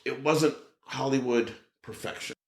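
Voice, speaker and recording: Animated male storyteller in a roomy space. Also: medium pitch, a little slow. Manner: animated, acts out other people's lines; swears casually. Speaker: podcast guest. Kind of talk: casual storytelling. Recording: roomy echo.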